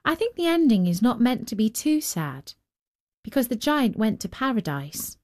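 A woman hosting and narrating a fairy tale with gentle, expressive storytelling. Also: on the high side, moderate pace. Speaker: storyteller and host.

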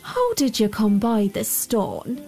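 A woman voicing a curious, sharp-tongued country housewife, eager and brisk. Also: medium pitch, huge pitch swings, creaky, soft background music, heavily acted.

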